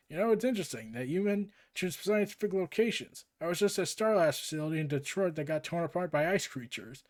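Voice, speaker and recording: A man's voice: high voice, a little mellow, clear, resonant tone. A man recapping and reading through a comic book, with jokey asides.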